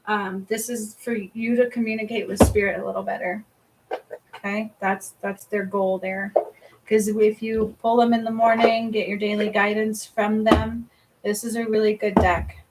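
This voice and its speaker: A woman's voice: mid-range voice, noisy background. A woman reading cards and giving healings on a casual livestream, chatty, laughing often and swearing casually. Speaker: psychic reader and energy healer.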